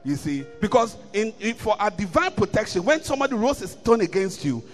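Emphatic high-voiced male preacher. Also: big pitch swings, fairly quick, long reverb tail, soft background music. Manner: emphatic, repeats lines loudly, reads scripture. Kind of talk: sermon.

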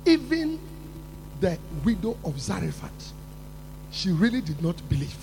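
A man preaching a sermon with emphatic build-ups, repeating words and rising to shouts. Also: sits high, big pitch swings, unhurried, noisy background.

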